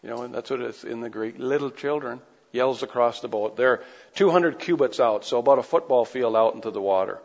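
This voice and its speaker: A man's voice: medium pitch, brisk. A man preaching a sermon, reading scripture aloud and breaking off into casual conversational asides. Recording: dull lo-fi recording with long hall reverb.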